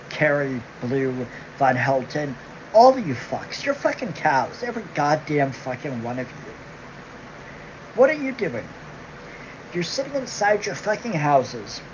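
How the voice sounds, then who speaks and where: Woman, livestream rant, sarcastic, angry, swears a lot, dull lo-fi audio, faint hiss. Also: low voice. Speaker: livestream host.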